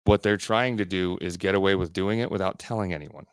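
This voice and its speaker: A man's voice: low-pitched, brisk, smooth, no room sound, studio quality. A man co-hosting a podcast in casual chat, blunt and ranting, swearing often. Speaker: podcast co-host.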